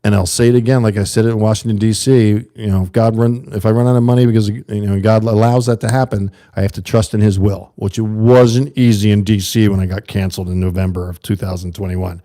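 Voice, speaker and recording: A middle-aged man hosting his own livestream in a casual, rambling monologue. His voice sits low and mellow, earnest and direct as he answers viewers in the chat. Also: flat delivery, quick pace, few pauses. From USA. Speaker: livestream host.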